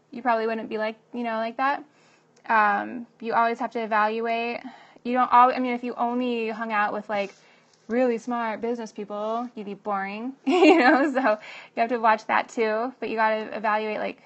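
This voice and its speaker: A woman's voice: on the high side, a bit bright. Chatty laughing young woman, muffled audio. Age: 20s. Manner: chatty, laughs often, many fillers like "like" and "you know". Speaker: vlogger giving advice to young moms. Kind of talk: casual advice talk.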